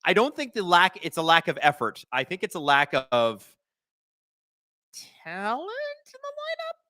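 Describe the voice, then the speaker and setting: A man hosting a live watch-along stream with a bright, somewhat high voice. His pitch swings widely as he jokes and reads viewers' chat. The delivery is excitable and conversational. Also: normal speed. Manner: excitable, joking, chats with viewers.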